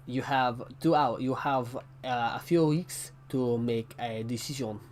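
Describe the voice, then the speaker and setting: A man's voice: medium pitch, unhurried, a little hiss or hum, pitched below the performer's own voice, close to an everyday voice. A man playing a stiff royal envoy who delivers formal threats. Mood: pompous.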